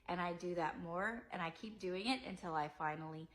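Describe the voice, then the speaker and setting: A young woman leads a preschool class in a bright, clear voice. Her delivery is gentle and expressive, with a sing-song lilt meant for small children. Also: lowish voice, brisk. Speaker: preschool teacher. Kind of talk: demonstration lesson for young children.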